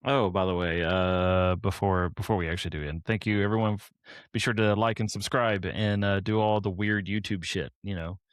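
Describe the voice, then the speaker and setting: A man's voice: sits low, steady tone, normal speed, clean tone, no room sound, clean studio sound. A man co-hosting a comic book podcast in casual chat, reacting with wry disbelief. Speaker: podcast co-host.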